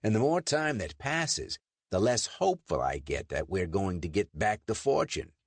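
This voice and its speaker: A man's voice: on the low side, big pitch swings, moderate pace, slightly rough, no room sound, exaggerated voice. A man voicing a cautious, impatient American agent in an audiobook, blunt in manner. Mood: wary.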